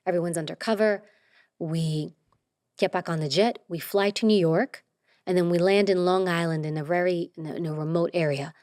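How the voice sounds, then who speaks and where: Woman telling an animated story, dry mic. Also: fairly low pitch, normal speed, no room sound. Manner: animated, acts out quoted dialogue. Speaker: interview guest. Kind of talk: casual storytelling.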